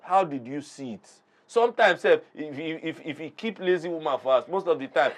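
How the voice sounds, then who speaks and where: Man, Nigerian accent, debate guest, emphatic and preachy, slightly high voice. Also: expressive, a little fast, slight background noise. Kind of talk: heated debate argument.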